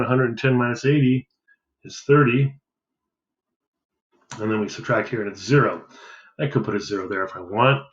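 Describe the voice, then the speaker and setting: A man with a mid-range voice teaches a math lesson, working through an example and casually thinking aloud as he counts out a division problem. The sound is lo-fi, in an echoey room.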